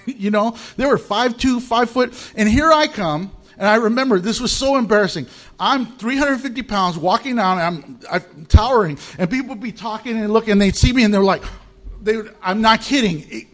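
A man's voice: high-pitched, fairly bright tone. An American male pastor preaching a humorous sermon, telling stories with animation and laughing at his own jokes. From United States.

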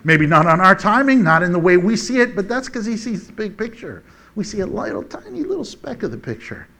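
A man preaching a conversational sermon in a folksy, animated way, chuckling often between points. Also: sits high, fairly quick.

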